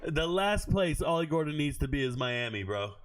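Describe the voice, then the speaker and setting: A man's voice: fairly high pitch, sing-song, normal speed. A man hosting a casual livestream as a sports analyst, blunt and profane, laughing often.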